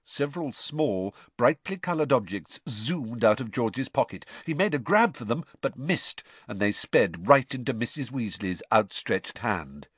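Animated male storybook narrator. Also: medium pitch, unhurried, few pauses, husky, no echo. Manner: animated, expressive reading. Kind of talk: audiobook narration.

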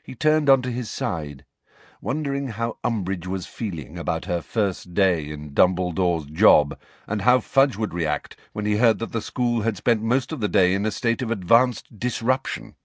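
A man reads a storybook aloud with expressive, animated delivery and a lowish voice. The sound is dry and close, with no room sound. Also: moderate pace, no room sound. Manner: expressive, plays all characters. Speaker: audiobook narrator. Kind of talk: scripted storybook narration.

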